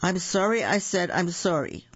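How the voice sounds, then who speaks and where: A storyteller voicing a cheerful, polite young male wolf pup, high and eager, on a dull recording. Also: expressive, moderate pace, breathy edge. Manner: eager, bright and chirpy.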